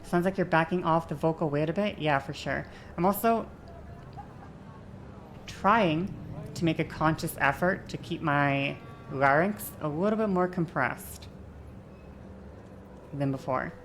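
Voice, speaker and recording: A woman streamer chatting casually, shifting her voice between a lower and a lighter register, with vocal fry. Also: moderate pace, slight background noise. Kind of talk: casual chat while gaming.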